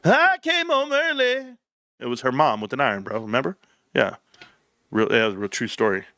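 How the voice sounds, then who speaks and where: A man's voice: lowish voice, fast, fairly bright tone, dry recording. A man in his thirties hosting a casual livestream, joking and slipping into bits of song. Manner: joking, breaks into singing. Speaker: livestream host.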